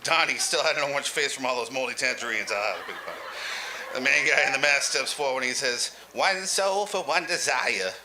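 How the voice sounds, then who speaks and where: A man's voice: medium pitch, fast, background noise. A man telling a crude, rambling comic story as an old lounge comedian, laughing through his own jokes. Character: lounge comedian claiming eighty-five years.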